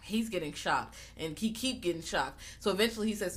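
A woman co-hosting a podcast, recapping a film in animated, profane casual chat and acting out the characters' lines. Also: on the low side, a little fast, few pauses. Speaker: podcast co-host.

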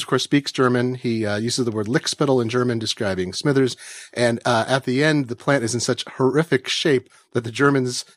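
A man's voice: mid-range voice, no echo. Wry rambling man on a podcast, dry sound. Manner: wry, rambling storyteller with bursts of laughter. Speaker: podcast panelist. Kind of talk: casual podcast chat.

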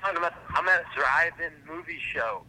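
A man's voice: on the high side, moderate pace, a crowd in the background, low-quality recording. A man calling in from an outdoor concert, talking in a laid-back way with casual cursing. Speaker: phone guest.

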